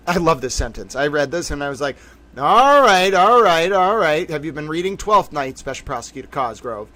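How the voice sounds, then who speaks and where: A man doing casual livestream commentary on court cases, rambling and animated, swearing freely with sudden bursts of excitement. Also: fairly high pitch, moderate pace.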